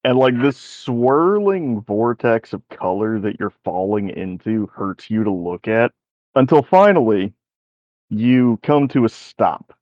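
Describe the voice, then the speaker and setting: Slow low-voiced man narrating a game. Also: big pitch swings, dry recording. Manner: slow, descriptive storytelling. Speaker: game master. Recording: dry, dull sound.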